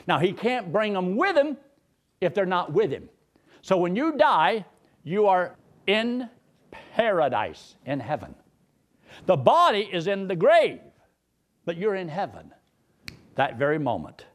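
A man's voice: high-pitched, huge pitch swings, unhurried, long pauses. A male pastor, preaching a sermon in a folksy, joking storyteller's way.

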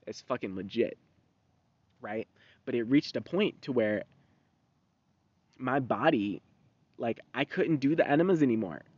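A man's voice: medium pitch, measured pace, long pauses, no echo. Young guy ranting on his podcast, swears a lot, dull dry lo-fi sound. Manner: rambling, profane, animated. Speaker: podcast host. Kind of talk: casual podcast monologue.

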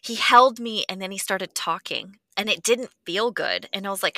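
A woman's voice: mid-range voice, moderate pace, hardly any pauses, pushed and bright, dry recording. A woman hosting a podcast, talking earnestly and reflectively, swearing freely and sometimes dropping to a near whisper. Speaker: podcast host. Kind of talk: candid conversational chat.

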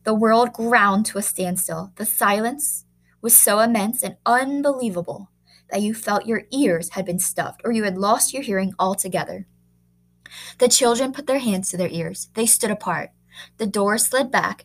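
A woman reading a short story aloud in a measured, expressive way. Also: medium pitch, low-quality recording. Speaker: narrator.

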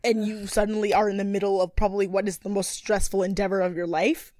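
A woman's voice: mid-range voice, fast, no room sound. Chatty woman podcast co-host, dry sound. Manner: animated, swearing, laughs often. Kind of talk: casual recap chat.

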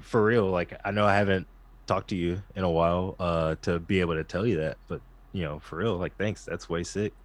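A man with a lowish voice chats in an eager, slangy way, dropping "like" all through his speech. The sound is dry and close. He comes across as a guest musician telling tour stories. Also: brisk, no room sound. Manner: excitable, slangy, heavy use of "like". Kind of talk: casual chat.

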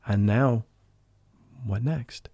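A man's voice: medium pitch, extremely slow, no room sound, clean studio sound. Earnest man telling a spiritual story. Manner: earnest, emotional, drops to a hushed voice for quotes. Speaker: podcast guest, spiritual life coach. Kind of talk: storytelling in a casual interview.

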